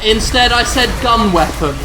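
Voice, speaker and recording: A man's voice: extremely high pitch, lively intonation, normal speed, over music. A man giving sarcastic, jokey commentary while playing a shooter game. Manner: jokey, mocking, exclaiming at the game. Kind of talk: sarcastic let's-play commentary.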